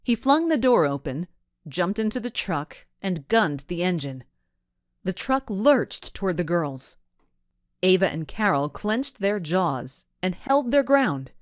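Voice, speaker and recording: A woman narrating a children's mystery audiobook in an expressive storytelling manner. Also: on the low side, takes it slowly, no room sound, studio quality.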